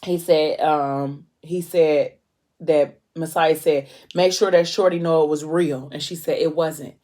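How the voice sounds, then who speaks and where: Woman, low voice, casual book recap, lots of ums, quick snippets of character dialogue. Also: fairly even intonation, warm tone. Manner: chatty retelling with many fillers, briefly acting out characters' lines. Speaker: book vlogger recapping a novel.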